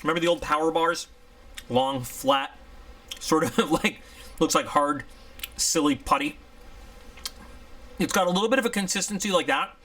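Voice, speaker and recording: Man, casual gear reviewer; bright, forward tone, chatty and candid, rambles freely. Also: a little high, sing-song, moderate pace, pauses often. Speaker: product reviewer.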